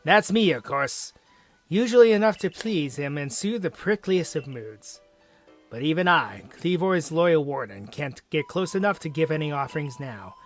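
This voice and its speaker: A man's voice: fairly high pitch, expressive, normal speed, faint music behind. A man voicing a boastful, proud male clan warden for a game, with pompous, grandiose declarations. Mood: grave.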